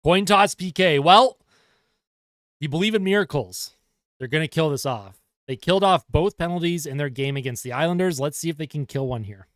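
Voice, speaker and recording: A young man calling hockey play-by-play as a fan on a live stream, getting excited over the action and chatting with his viewers in between. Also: fairly high pitch, brisk, no room sound, studio quality. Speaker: livestream host and hockey fan commentator.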